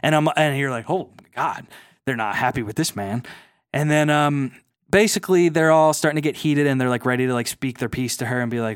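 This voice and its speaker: An animated man recapping a reality show in casual chat, breaking into mocking impressions as he goes. His voice sits in the middle range. The sound is close and dry, with no room echo. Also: mid-range voice, brisk, clean tone. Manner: animated storytelling, slips into mocking voices of people he quotes. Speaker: podcast co-host.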